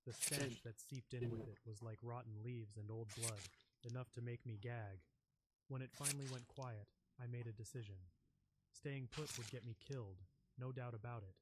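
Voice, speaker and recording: A man reading a scripted first-person horror story in a measured, ominous way. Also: mid-range voice, steady tone. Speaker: narrator. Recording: noisy background with clicks.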